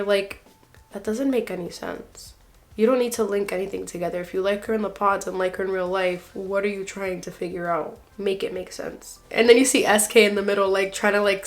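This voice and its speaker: A young woman giving a casual, sassy reaction commentary on a reality show, full of fillers and mock quotes. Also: mid-range voice. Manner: sassy, lots of fillers, mocks people in quoted voices. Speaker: reaction vlogger.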